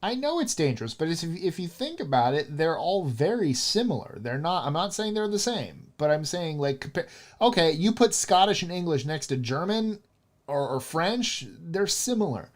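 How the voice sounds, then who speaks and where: A man's voice: on the high side, very animated, moderate pace. A man in casual chat, talking animatedly with lots of fillers and restarts. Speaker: role-playing game player.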